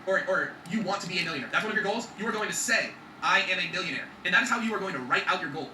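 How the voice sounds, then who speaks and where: A man's voice: sits high, animated, rapid-fire, bright, forceful tone, reverberant, distant mic, a little hiss or hum, rough recording. A man talking in an emphatic motivational vlog, swearing freely and checking in with his viewers. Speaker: vlogger.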